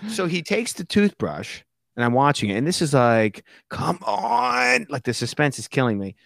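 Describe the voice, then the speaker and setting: Male podcast guest, lively storyteller who acts out other people's voices, dry close sound. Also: mid-range voice, fairly quick, dry recording. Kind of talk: casual storytelling chat.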